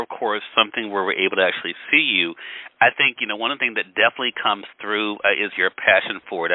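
A man hosts a radio interview, firing off his questions at a brisk clip. His voice sits a bit low. The sound is dry and narrow, like a phone line. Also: no room sound. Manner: quick, enthusiastic questioning with fillers. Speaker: radio show host.

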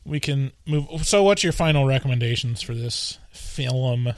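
A man co-hosting a podcast in casual chat, rambling and joking in an animated way. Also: medium pitch, measured pace, dry recording. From US West Coast. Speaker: podcast co-host.

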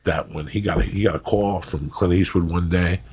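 A man's voice: sits low, steady tone, moderate pace, darkish tone. An older man chatting casually, telling loose, profane stories. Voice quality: gravelly, raspy. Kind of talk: casual chat.

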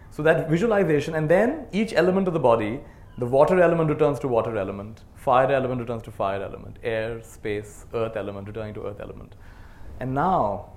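A man giving a dharma talk to a live group as a meditation teacher, earnest, swinging between soft and emphatic, and leading call-and-response. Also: medium pitch, slight background noise. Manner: leads the audience in call-and-response.

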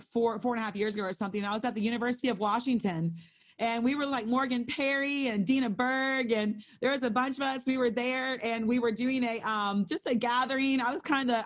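This is a woman in her thirties speaking over a video call, her voice sitting a little on the high side. She tells a personal faith story in a relaxed, chatty way. Now and then she acts out her own inner thoughts in quotes. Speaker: Bible study co-leader. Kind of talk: casual testimony storytelling.

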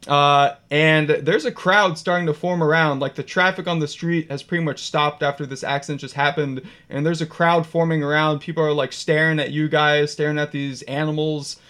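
Guy running a tabletop game, lots of likes and uhs, kinda high voice. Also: fairly even intonation, moderate pace, few pauses, fairly bright tone, smooth. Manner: casual, filler-heavy narration. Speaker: game master.

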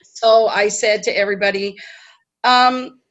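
A woman telling a personal story in a chatty, animated way, often checking in with her listeners. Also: mid-range voice, unhurried, dull audio. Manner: chatty, animated, tag questions. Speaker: host. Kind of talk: storytelling talk.

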